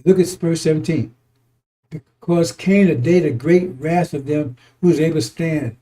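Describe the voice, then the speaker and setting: A man preaching in an easy, high voice with a warm, dark tone. His delivery is emphatic and repetitive, broken by frequent chuckles, and he swears casually as he works through scripture. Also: normal speed. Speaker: religious teacher.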